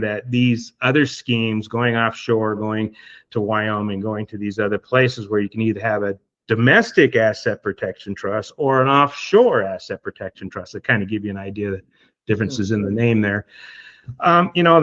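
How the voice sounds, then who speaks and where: A man's voice: mid-range voice, fairly bright tone, muffled recording. A man guest on a podcast, talking through hypothetical scenarios in a casual, explanatory way with many fillers. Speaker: estate planning guest.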